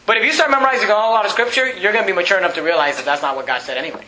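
High bright-voiced preacher in an echoey church. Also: male voice, racing. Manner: animated preaching, rising emphatic repetition. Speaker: pastor. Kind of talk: sermon.

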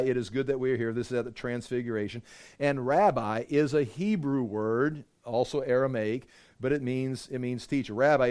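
A man's voice: mid-range voice, darkish tone. A man teaching an informal Bible lesson, talking conversationally with many fillers and restarts and reading verses aloud with emphasis.

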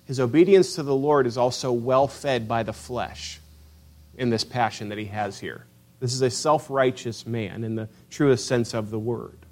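A middle-aged male pastor preaching a sermon with passion, acting out quoted voices and swinging from loud declarations to hushed asides. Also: medium pitch, normal speed.

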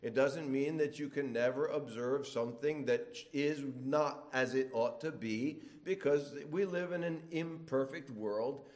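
Preacher, middle-aged man, unhurried delivery, animated and playful when mimicking complainers. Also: medium pitch. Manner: animated, acts out grumblers in whiny voices. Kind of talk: sermon.

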